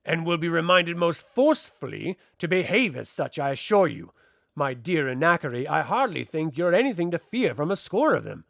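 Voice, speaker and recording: A man's voice: a little high, big pitch swings, moderate pace, creaky, a bit bright, no echo, studio quality, exaggerated voice. A man reading aloud and voicing a charming, flippant castle commander who talks in a suave, teasing way. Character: charming, smooth-talking male castle commander.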